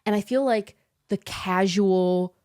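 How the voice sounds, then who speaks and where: A young woman, an author guest, chatting casually on a podcast and telling stories with lively quoted voices and frequent laughs. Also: mid-range voice, slow, smooth, no echo, clean studio sound. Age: young adult. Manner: animated storytelling, acts out quoted voices, laughs often. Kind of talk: casual chat. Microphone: studio podcast mic.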